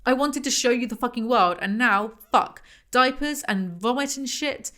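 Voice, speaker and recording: A man's voice: high-pitched, fairly quick. A woman voicing a volatile controlling husband in a rant, brief book-reading cameo. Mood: furious. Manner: shouting, swearing, snarling.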